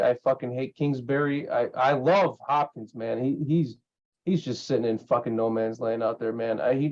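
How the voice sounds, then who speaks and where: A man's voice: a little high, darkish tone. A man co-hosting a casual sports betting chat, heated and profane as he rambles through his point. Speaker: podcast co-host. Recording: dull lo-fi sound.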